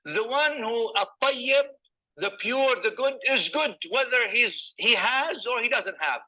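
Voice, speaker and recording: A male preacher with a high voice delivers a sermon and retells old stories. He slips Arabic scripture recitation between his English explanations. He keeps turning to his listeners with rhetorical questions, and his tone is very bright and sharp. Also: expressive, measured pace, rough recording. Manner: asks the audience rhetorical questions.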